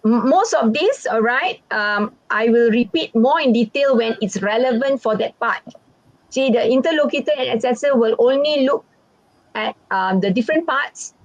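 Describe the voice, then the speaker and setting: A woman with a Malaysian English accent, giving an exam-preparation English lesson in a chatty, animated way and often checking in with "all right?". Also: fairly high pitch, moderate pace. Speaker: English teacher and exam examiner. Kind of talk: online exam-prep lesson. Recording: dry, muffled, lo-fi audio.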